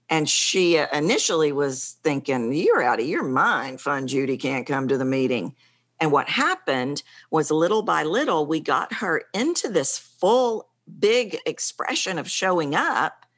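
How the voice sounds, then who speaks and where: A woman's voice: low-pitched, fairly bright tone. A woman speaking as a vocal coach in an interview, talking animatedly and acting out the voices in her examples. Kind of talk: conversational interview.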